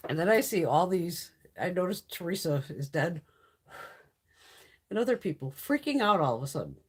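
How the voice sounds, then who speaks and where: Husky, lively middle-aged woman chatting. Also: on the low side, normal speed. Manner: chatty and blunt, swears freely, laughs often. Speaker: beauty YouTuber hosting a live stream. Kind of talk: casual live-stream chat.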